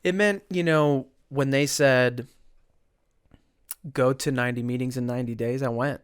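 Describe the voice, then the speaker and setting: A young man telling his recovery story as a podcast guest, earnest and halting, with many restarts. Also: medium pitch, fairly even intonation, smooth, no echo, studio quality.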